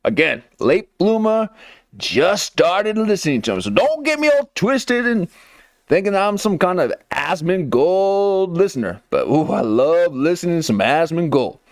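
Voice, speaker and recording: A man's voice: high-pitched, sing-song, measured pace, no echo, clean studio sound. A man hosting a comedy clip channel, doing a hyped streamer persona and tacking "okay?" onto his lines.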